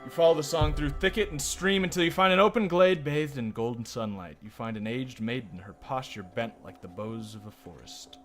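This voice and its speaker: A man's voice: medium pitch, normal speed, few pauses, fairly bright tone. A man streaming a card game, reading its text aloud and rambling with casual swearing. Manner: profane, rambling. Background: game music.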